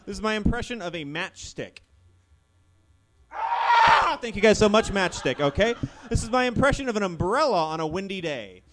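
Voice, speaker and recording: A man doing a stand-up set in a live ballroom, delivering awkward, deadpan one-liners. His voice is fairly high and very lively in pitch. A faint hiss runs behind him. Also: fast talker, hardly any pauses. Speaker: stand-up comedian.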